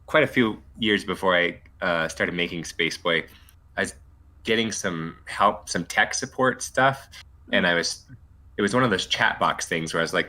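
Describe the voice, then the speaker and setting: A man with a low, bright-edged voice tells a story in a casual group chat. His pitch swings widely as he acts out the quoted lines, and his tone is sharp and forward. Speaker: webcomic creator.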